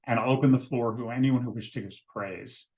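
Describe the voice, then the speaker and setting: A man leading a ritual, explaining it step by step in a steady, methodical way. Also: medium pitch, fairly quick. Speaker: ritual leader.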